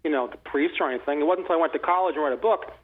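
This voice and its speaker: A man in his sixties, a guest author, telling stories in a rambling, animated way full of restarts. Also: on the high side, very fast, slightly rough. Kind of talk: casual conversational storytelling. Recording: phone-like narrow line.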